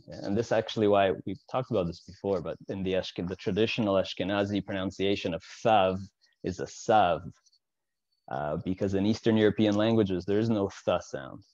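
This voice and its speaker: Low-voiced male teacher, casual lecture. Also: fairly quick, a little mellow, no room sound, dull audio. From Soviet Union. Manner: explanatory, with frequent asides and "right?" check-ins.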